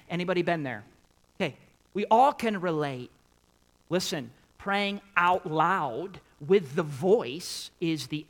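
Animated man preaching a sermon. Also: on the high side, low-quality recording. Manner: asks the congregation questions and repeats key points for emphasis; animated, swinging from quiet to loud. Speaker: pastor.

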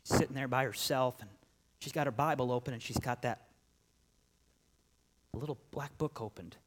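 A middle-aged man preaching a sermon, telling a personal story with animated swings from loud emphasis to quiet asides. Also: medium pitch, moderate pace. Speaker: pastor.

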